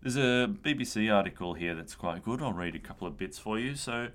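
A man's voice: on the low side, expressive, a little fast, a bit bright. A man co-hosting a casual podcast, telling a story with playful asides and frequent laughter. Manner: laughs often, tells stories with playful asides. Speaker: podcast co-host.

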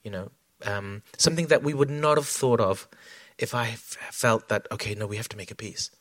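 A man's voice: on the low side, fairly quick, a bit bright, no room sound. Guy musing about his work, lots of ums and restarts, dry close mic. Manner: reflective, many fillers and restarts. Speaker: choreographer guest. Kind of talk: onstage conversation.

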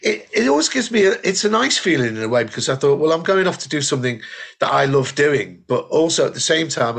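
Husky-voiced British comic telling stories. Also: male voice, medium pitch, a bit bright. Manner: storytelling, laughing often, restarts. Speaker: podcast co-host, comedian. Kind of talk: casual chat.

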